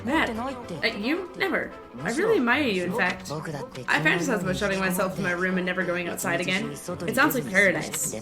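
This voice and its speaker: A woman's voice: medium pitch, expressive, a little fast, music in the background, voice pushed down, close to an everyday voice. A woman voicing a lazy, sleepy young male scholar who drawls and sounds unbothered. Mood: languid.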